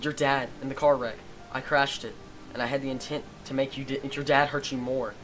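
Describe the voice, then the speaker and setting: A man's voice: medium pitch, level tone, a bit bright, faint music behind, natural voice, low-quality recording. A man reading a guilty, confessing teen girl. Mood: ashamed. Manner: halting, ashamed.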